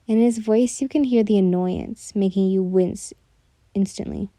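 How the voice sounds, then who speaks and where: A woman narrates listener fanfiction in a casual manner, correcting her slips as she goes. Her voice is very dark and mellow. The sound is dry and close. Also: medium pitch, measured pace, no room sound. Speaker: fanfic reader.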